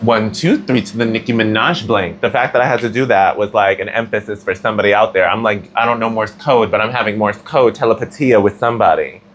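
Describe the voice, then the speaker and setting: A man's voice: fairly low pitch, fairly quick, few pauses, a bit bright, slight background noise. A man giving a casual tarot reading, chatty and slangy, with plenty of filler words. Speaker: tarot reader.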